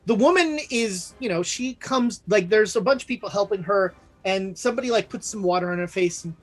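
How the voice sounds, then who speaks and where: A woman running a tabletop horror game as game master, laughing often and voicing townsfolk with big pitch jumps. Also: fairly quick, few pauses, soft background music.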